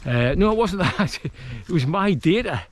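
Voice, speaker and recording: A man's voice: fairly high pitch, animated, unhurried. A man talking casually to camera while wild camping in a woodland, rambling and self-deprecating. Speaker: vlogger, outdoor camper.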